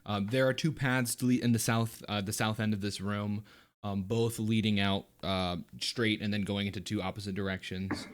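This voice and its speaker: A man's voice: lowish voice, steady tone, normal speed. A man narrates as dungeon master for his tabletop group, stopping often for fillers and breaking into laughter between descriptions.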